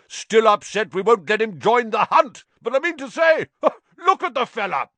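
A man's voice: very high-pitched, big pitch swings, normal speed, bright, forceful tone, dry recording, voice pushed up, exaggerated voice. A man voicing a boisterous, hearty ghost knight who roars and guffaws mockingly. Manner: roaring, guffawing, bellowing.

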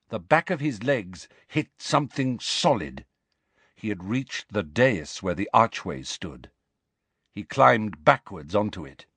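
A man narrating an audiobook in a measured, dramatic storytelling manner. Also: on the low side, no room sound.

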